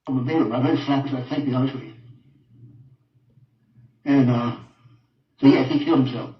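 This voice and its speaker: An older man giving a halting personal account in an interview, repeating himself and often trailing off quietly. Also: medium pitch, steady tone. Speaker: interviewed father. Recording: roomy, distant, dull audio.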